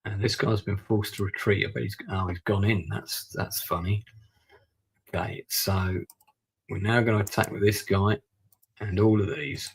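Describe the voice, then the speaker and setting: A man's voice: fairly low pitch, steady tone, normal speed, husky. A man streaming a strategy war game, thinking aloud and muttering over his moves as he plays. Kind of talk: live-stream gameplay commentary.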